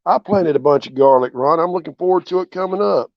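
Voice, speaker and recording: A man, relaxed and chatty, hosting a casual livestream from his porch and greeting viewers by name. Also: a little high, fast, no echo. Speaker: channel host. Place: outdoors on a porch. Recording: dull, dry lo-fi sound.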